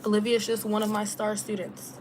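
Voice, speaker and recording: Chatty young woman on a relaxed live stream. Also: medium pitch, fairly quick, slight background noise. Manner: relaxed and chatty, heavy use of "like" with slang. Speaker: travel vlogger and former teacher. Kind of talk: casual live Q&A chat.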